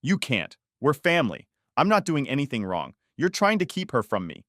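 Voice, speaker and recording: A man's voice: mid-range voice, huge pitch swings, moderate pace, a bit bright, no room sound, clean studio sound, pitched above the performer's own voice. A man voicing an unstable, clingy older woman who pleads in a whiny voice. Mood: pleading.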